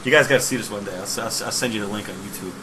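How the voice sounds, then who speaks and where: A man's voice: on the low side, very fast, noisy background. A man chatting casually as a podcast guest, telling loose, laugh-filled stories about his travels. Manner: laughing, rambling storyteller. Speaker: guest, sign maker. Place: podcast studio.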